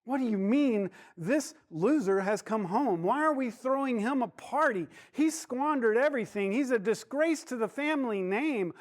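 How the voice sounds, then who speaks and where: A man's voice: extremely high pitch, expressive, moderate pace, hardly any pauses, voice pushed up. A man voicing a resentful older son in a retold parable, complaining indignantly.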